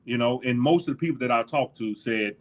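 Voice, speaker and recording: A man's voice: mid-range voice, brisk. A middle-aged man, a former football linebacker, telling locker-room stories in a casual interview, laughing often and acting out what others said. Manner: animated storyteller, laughs often, acts out quotes. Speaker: former NFL linebacker, guest.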